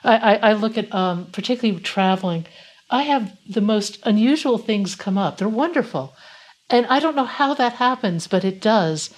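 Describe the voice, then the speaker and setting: A woman's voice: mid-range voice, animated, normal speed. A woman hosting a podcast interview, speaking in a reflective, thoughtful way. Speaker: podcast host. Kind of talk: interview conversation.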